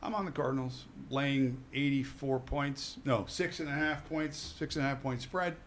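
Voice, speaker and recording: A man's voice: medium pitch, normal speed, a little hiss or hum. A man co-hosting a sports radio show, making casual football betting picks with a jokey, self-correcting manner.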